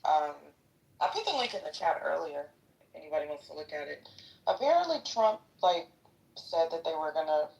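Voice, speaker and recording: Gravelly deep-voiced woman in her fifties. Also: very animated, unhurried, long pauses, a little mellow, recorded from a distance, muffled recording. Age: 50s. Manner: rambling, joking, gossipy. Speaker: participant in a live audio chat. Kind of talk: casual chat.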